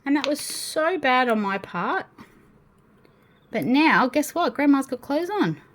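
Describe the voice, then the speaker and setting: A young adult Australian woman, a toy unboxing vlogger, chats animatedly to viewers and to the toys as she unboxes and builds them. Her voice is high and a little slow, with slight background noise, crinkling packets, and plastic clicks.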